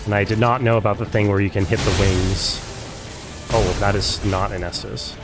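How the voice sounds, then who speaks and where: This game streamer talks casually to his viewers with sarcasm and plenty of swearing, game music sounding in the background. His lowish voice shows little pitch movement and keeps a moderate pace.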